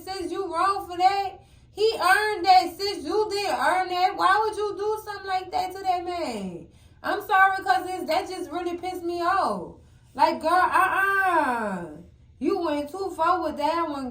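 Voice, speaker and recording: Woman recap host, high voice, fiery, chatty, echoey room. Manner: animated, exclamatory, addresses viewers as cousins. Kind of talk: casual TV recap commentary.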